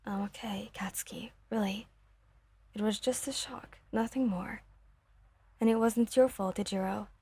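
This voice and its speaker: A woman doing a soft reassuring injured girl. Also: fairly high pitch, moderate pace, slightly rough.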